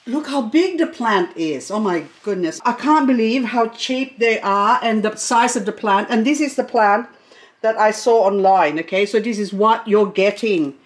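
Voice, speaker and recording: A middle-aged woman chatting casually as she unboxes plants, gushing and excitable, talking to each plant as she goes. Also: mid-range voice, moderate pace. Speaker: succulent vlogger.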